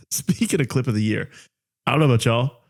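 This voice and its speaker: A man's voice: mid-range voice, expressive, moderate pace, vocal fry. A man co-hosting a podcast in casual chat, telling stories with lots of fillers and frequent laughter. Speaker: podcast co-host.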